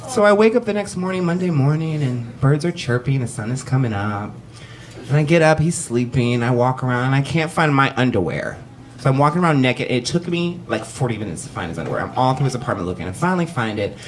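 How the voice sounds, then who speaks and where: A man telling a raunchy comic story live on a cabaret stage, his pitch leaping all over as he acts out the voices of the people in it. His voice sits at a middling height and he swears freely. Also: fast talker, a little hiss or hum. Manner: animated, profane, acts out quoted voices.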